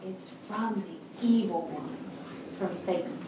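A woman's voice: medium pitch, background noise. Woman preaching, echoey from a distance. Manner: earnest, emphatic, with drawn-out stresses. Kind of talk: sermon.

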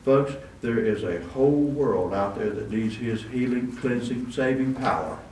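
A man's voice: mid-range voice, animated, measured pace, darkish tone. A man preaching a conversational sermon, with asides and restarts, recorded in a church. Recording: roomy echo, distant mic, faint room noise.

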